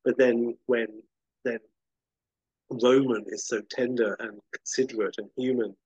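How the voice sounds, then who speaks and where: Husky-voiced man on a hesitant podcast chat. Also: mid-range voice, steady tone, measured pace, darkish tone, no room sound, highs cut off. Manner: thoughtful, hesitant, with many ums. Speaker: podcast co-host. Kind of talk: casual chat.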